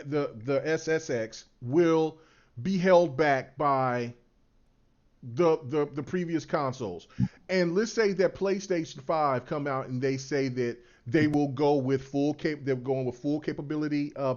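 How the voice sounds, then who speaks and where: A man's voice: a little high, measured pace, darkish tone. A man co-hosting a gaming podcast, asking long questions with many restarts. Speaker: podcast co-host. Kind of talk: casual gaming podcast chat. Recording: dull lo-fi audio.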